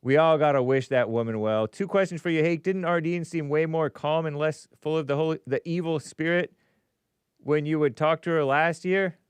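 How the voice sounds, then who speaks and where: Man, livestream host, casual commentary, chatty, quiet muttered asides, smooth clear voice, dry close mic. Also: on the high side, moderate pace, no echo. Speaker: livestream show host reading viewer messages.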